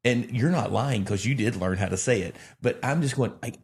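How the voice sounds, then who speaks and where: A man from Alabama, a pastor in casual conversation who rambles and tells animated stories with self-deprecating humor. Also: mid-range voice, brisk. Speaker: pastor and podcast co-host.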